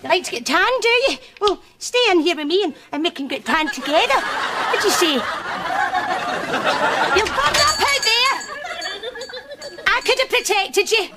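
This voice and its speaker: A woman's voice: very high-pitched, lively intonation, unhurried, long pauses, a loud crowd. Lonely flirty scottish shop lady, wheedly and suggestive, audience laughing and noisy behind. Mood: pleading. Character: lonely flirty female shop assistant, clingy.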